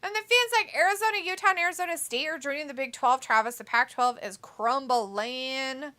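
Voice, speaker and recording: A woman's voice: high-pitched, a little fast, pushed and bright. A woman co-hosting a casual livestream, reading chat messages aloud and laughing often. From United States. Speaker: co-host reading live chat.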